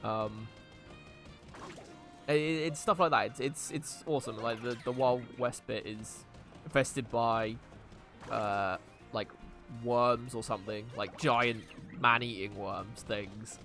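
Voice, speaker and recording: A man's voice: medium pitch, fairly even intonation, takes it slowly, fairly bright tone, soft background music. A man streaming a video game and chatting casually, rambling with many fillers and restarts. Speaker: live streamer. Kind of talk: casual gameplay chat.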